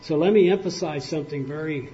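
An older man delivers a folksy sermon, his mellow voice wandering into stories in a plainspoken, conversational way. His pitch sits a touch high for a man. The recording is muffled and lo-fi, with a faint hiss behind him. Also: fast. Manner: conversational, plainspoken, with spoken fillers. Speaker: preacher.

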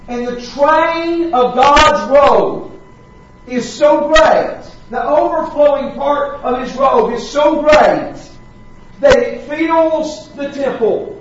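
A man preaching a sermon, slowing down to stress repeated words with dramatic weight. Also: extremely high pitch, a little hiss or hum. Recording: echoey hall, distant mic, dull sound.

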